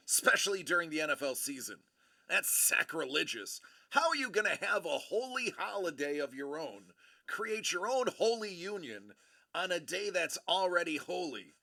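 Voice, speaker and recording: A man's voice: high-pitched, very animated, normal speed, vocal fry, sharp tone. A man hosting a livestream, chatting casually and playfully and answering viewers by name. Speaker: livestream host.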